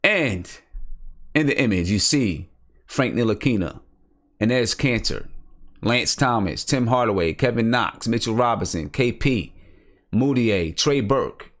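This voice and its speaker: A man's voice: mid-range voice, expressive, a little slow, fairly bright tone. A man hosting a casual live-stream basketball show, thinking aloud and repeating himself as he talks. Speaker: basketball podcast host.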